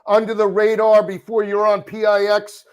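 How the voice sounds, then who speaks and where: A man's voice: high voice, monotone, normal speed, smooth. A man hosting a casual sports chat, upbeat and enthusiastic. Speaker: host.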